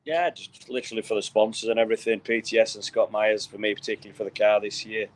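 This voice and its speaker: A man's voice: lowish voice, steady tone, fast, poor audio. A man, a visiting speedway driver and father, talking earnestly in a casual interview and repeating points for emphasis.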